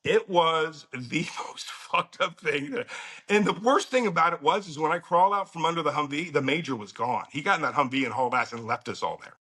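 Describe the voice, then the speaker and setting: A man's voice: fairly high pitch, a little fast, bright, forceful tone, husky. A middle-aged man telling a story as a podcast guest, blunt and profane, laughing now and then. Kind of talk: casual storytelling.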